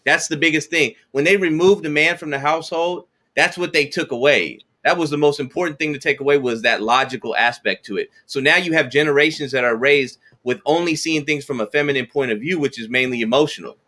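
A man's voice: fairly high pitch, fairly quick, hardly any pauses, pushed and bright. A man speaking as a podcast guest in casual chat, often stumbling over and repeating words as he tells his stories. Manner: stammering repetitions, conversational storytelling.

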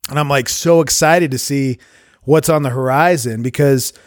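A man in his forties co-hosting a podcast in casual chat, earnest and halting, with many "you know"s. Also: mid-range voice, dry recording, studio quality. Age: 40s. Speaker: podcast co-host. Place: basement studio.

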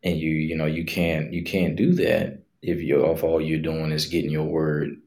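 Deep, gravelly man hosting a faith podcast. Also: level tone, normal speed, darkish tone. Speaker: podcast host. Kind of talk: casual faith talk.

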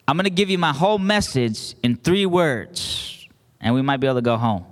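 A man's voice: mid-range voice, expressive, normal speed. A male pastor preaching a sermon with call-and-response, building emphasis as he goes. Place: church sanctuary. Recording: long hall reverb.

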